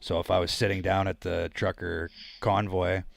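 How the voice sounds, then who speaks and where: A man's voice: sits low, level tone, normal speed, gravelly, no echo. A Canadian man with a Canadian accent, chatting casually on his livestream and rambling to his viewers. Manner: rambling, chatty, talks to chat. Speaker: livestream host.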